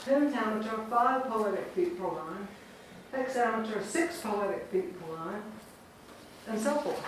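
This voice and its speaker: Woman, poetry teacher, unhurried and chatty, recorded far off in a very echoey church room. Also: mid-range voice, slight background noise. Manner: chatty, laughs often, sounds out rhythms. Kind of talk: informal classroom teaching. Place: church classroom. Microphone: distant room mic.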